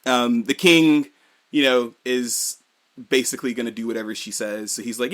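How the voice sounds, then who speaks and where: A man in easy podcast conversation talks through a story in detail. His voice sits at a middling pitch, and he drops into brief character voices along the way. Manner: animated recap that slips into quick character voices, swears freely. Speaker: podcast co-host. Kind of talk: casual chat.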